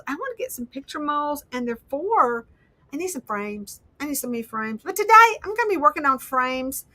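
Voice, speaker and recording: Lady doing a craft livestream, chatty and rambly, kinda high bright voice, dry sound. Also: no echo. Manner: chatty, rambling, self-deprecating. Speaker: livestream host. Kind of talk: casual crafting livestream chat.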